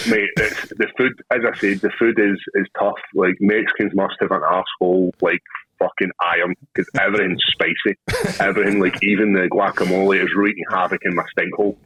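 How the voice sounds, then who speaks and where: A Scottish man with a husky, slightly breathy voice, chatting casually on a podcast. He tells coarse, rowdy anecdotes and laughs through them. His voice sounds close and dry. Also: sits low, fairly quick, a bit bright, no echo, low-quality recording. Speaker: podcast co-host. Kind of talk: casual chat.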